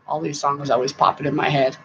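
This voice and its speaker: A middle-aged woman hosting a casual live-stream chat, rambling warmly, laughing often and now and then breaking into song. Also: sits low, level tone, fast talker. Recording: dull lo-fi sound with faint noise.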